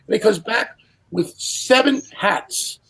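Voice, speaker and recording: An older man telling casual anecdotes as a guest, animated and acting out the people he quotes. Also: sits high, slow, creaky, husky. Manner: animated storyteller who acts out quotes. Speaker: guest storyteller.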